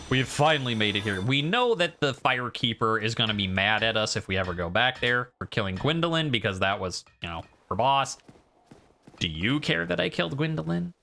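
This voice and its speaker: Bright-voiced rambling male game streamer. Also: fairly low pitch, slight background noise. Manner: rambling, self-deprecating. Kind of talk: casual gameplay commentary.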